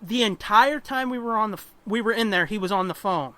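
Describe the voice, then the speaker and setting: A man's voice: high-pitched, fairly quick, pushed and bright, dry recording. A man co-hosting a podcast in casual chat, ranting profanely and animatedly. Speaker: podcast co-host.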